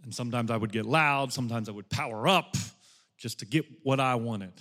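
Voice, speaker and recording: A middle-aged man preaching a sermon as a pastor, moving from loud, impassioned exhortation to soft, hushed storytelling. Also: medium pitch, fairly quick.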